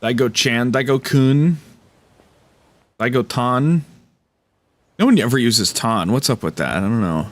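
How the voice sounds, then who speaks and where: A man's voice: on the low side, very animated, a little fast, few pauses. A man streaming a video game and chatting casually in a rambling, playful way.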